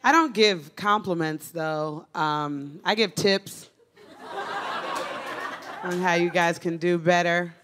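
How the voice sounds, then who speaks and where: A woman in her thirties performing a stand-up comedy set on a club stage, with a brash, punchy delivery and sudden shouted bits. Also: on the low side, slow pace, pauses often, noisy background. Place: comedy club stage before a laughing audience. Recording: live club recording with audience laughter.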